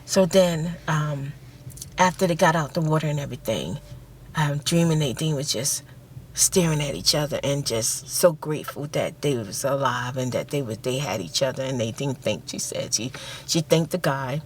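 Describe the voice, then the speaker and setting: Low-voiced woman softly storytelling. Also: moderate pace, a little hiss or hum. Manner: rambling and repetitive, emphatic retelling; drops to a whisper for quoted speech. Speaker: ASMR channel host. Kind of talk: ASMR storytelling, soft-spoken.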